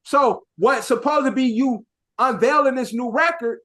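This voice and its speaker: Young chicago dude w chicago accent + ny slang, podcast co-host, animated and cussing a lot. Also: male voice, very high-pitched, moderate pace. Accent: Chicago with New York slang. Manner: animated, swearing, rambling with slang. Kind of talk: casual chat.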